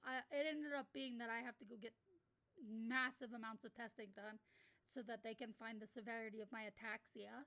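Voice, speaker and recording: A woman's voice: on the high side, fairly even intonation, normal speed, sharp tone. A woman livestreamer in a casual rant, talking bluntly and heatedly, with plenty of swearing. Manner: blunt, profane, heated ranting.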